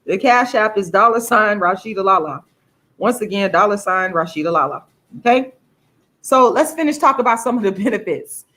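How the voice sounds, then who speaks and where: A woman's voice: medium pitch, lively intonation, a little fast, sharp tone. A woman, talking casually and emphatically to her viewers in a livestream vlog. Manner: chatty, emphatic, addresses viewers as y'all. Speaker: vlogger.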